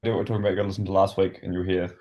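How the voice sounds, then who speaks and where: A man's voice: sits low, level tone, racing, lo-fi sound. A man co-hosting a podcast in casual chat. He is talkative and works his thoughts out aloud in loose, rambling sentences. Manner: chatty, thinks out loud. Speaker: podcast co-host.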